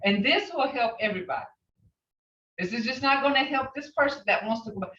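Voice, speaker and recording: A woman teaching an online language class, talking slowly and patiently and repeating phrases for practice. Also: a little high, animated, sharp tone. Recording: roomy, distant, dull lo-fi sound.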